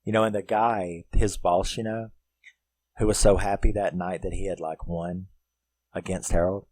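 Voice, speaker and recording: A man's voice: sits low, steady tone, moderate pace, darkish tone, no room sound. Rambling, foul-mouthed man recapping a film. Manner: rambling and profane, full of "like" and "you know". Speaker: film reviewer. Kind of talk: casual spoken film recap.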